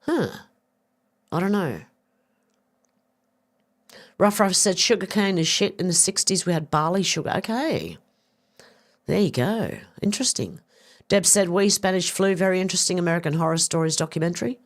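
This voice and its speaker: A woman's voice: fairly low pitch, expressive, normal speed, long pauses. Chatty Australian woman reading out chat. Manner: reads comments aloud, chatty, swears, laughs often. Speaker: livestream host reading chat. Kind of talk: casual chat.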